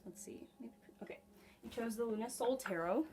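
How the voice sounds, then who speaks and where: A woman's voice: fairly high pitch, normal speed, darkish tone, a little hiss or hum. A woman giving a casual tarot reading at home, chatty and giggly, talking straight to her viewers. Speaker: tarot reader. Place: home room.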